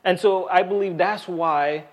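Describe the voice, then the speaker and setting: A man's voice: sits high, steady tone, a little slow. A man preaching a Bible sermon in a conversational way, with frequent restarts and fillers. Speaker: pastor.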